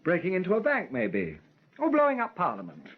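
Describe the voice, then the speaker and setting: An actor playing an anxious, wry young aristocrat with a slightly husky voice. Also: male voice, high-pitched, huge pitch swings, a little fast, phone-quality sound, heavily acted. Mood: fretful. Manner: wry, fretful, clipped.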